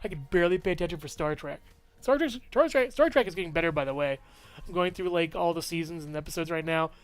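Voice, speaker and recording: A man's voice: on the high side, quick pace, soft background music. A man giving a casual, rambling movie review with lots of enthusiasm and frequent laughs.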